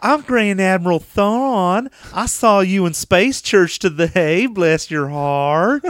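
A man plays a space grand admiral with a thick put-on Southern accent. The drawl is syrupy and very slow, pitched high, in a dry close recording. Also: expressive, fairly bright tone, no echo, full character voice. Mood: sweet. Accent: American Southern, put on.

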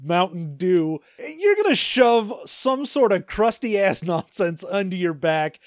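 A man's voice: high voice, very animated, measured pace, no room sound, clean studio sound. A man co-hosting a casual comedy chat, wry and joking with profane asides. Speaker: podcast co-host.

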